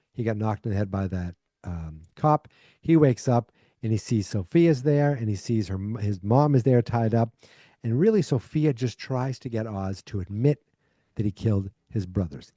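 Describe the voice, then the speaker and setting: Podcast guy rambling thru a recap, lots of ums, mellow voice, dry close mic. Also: mid-range voice, dry recording. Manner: rambling, filler-heavy retelling. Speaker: podcast host. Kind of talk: casual episode recap.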